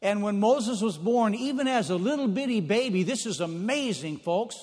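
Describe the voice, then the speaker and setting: Male preacher, high-pitched, homey storyteller who circles back on phrases; long hall reverb. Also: animated, moderate pace, a little mellow. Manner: folksy storytelling, repeats phrases for emphasis. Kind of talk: sermon.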